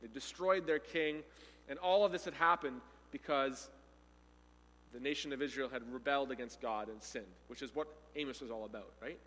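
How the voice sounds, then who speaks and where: A man preaching a sermon, retelling a story with animated delivery and acting out the quoted speakers. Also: mid-range voice, moderate pace, big-room sound.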